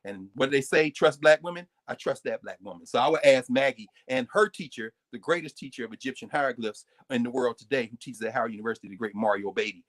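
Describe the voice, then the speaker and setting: A man giving a live, lecture-style talk as the guest on a recurring segment, animated and digressive, often breaking off his own sentences. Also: medium pitch, fast, few pauses. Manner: animated, digressive, interrupts himself.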